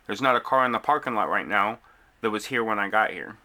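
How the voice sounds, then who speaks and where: Frustrated man venting, bright lowish voice. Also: quick pace. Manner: frustrated, retelling conversations with quoted exchanges. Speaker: delivery driver venting to camera. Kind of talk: casual venting monologue.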